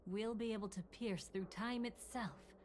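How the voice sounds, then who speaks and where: A woman voicing a hushed, mysterious guide. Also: medium pitch, steady tone, a little slow, close to an everyday voice. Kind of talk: video game voice acting.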